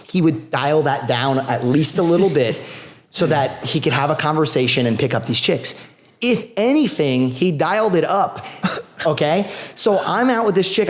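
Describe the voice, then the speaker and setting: A young man, a guest on a casual podcast, tells a long story with a lot of energy. His talk is loose and profane, peppered with filler words and quick asides. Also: fairly high pitch. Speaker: guest grappler.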